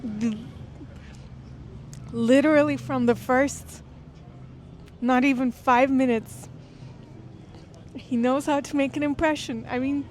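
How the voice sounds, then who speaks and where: A woman's voice: high voice, steady tone, slight background noise. Earnest woman reading and explaining a classic. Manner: earnest, thoughtful, pausing to explain. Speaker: literature lecturer. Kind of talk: reading aloud with close-reading commentary.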